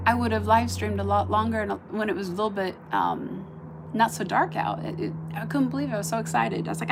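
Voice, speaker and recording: Chatty woman with a gravelly voice. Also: a little high, expressive, a little fast, noisy background. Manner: chatty, bubbly, often drops to a soft murmur. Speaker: live streamer. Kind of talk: casual live stream chat. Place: outdoors at night. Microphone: phone camera on a stand.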